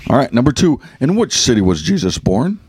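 A man's voice: medium pitch, big pitch swings, brisk, a little mellow, husky. A man with a Northern US accent reading out Christmas trivia questions in a casual, jokey way, laughing often and stumbling over his wording. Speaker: quiz host.

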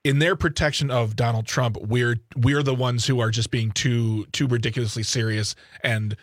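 A man's voice: mid-range voice, steady tone, moderate pace, no echo, clean studio sound. A man hosting a radio interview, asking earnest and respectful questions. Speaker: radio host.

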